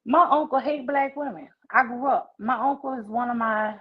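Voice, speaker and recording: A woman's voice: a little high, normal speed, husky. A woman in her forties, a guest on a livestream, telling her story in an outraged, emphatic way over a video call. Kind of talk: candid livestream conversation. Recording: muffled lo-fi stream audio.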